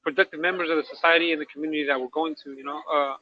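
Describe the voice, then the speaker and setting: A man's voice: on the high side, fairly even intonation, rapid-fire, dry recording. A man co-hosting a candid casual talk show, rambling in slang and checking in with "right?" as he goes, recorded with dull lo-fi sound. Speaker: podcast co-host, incarcerated dog trainer.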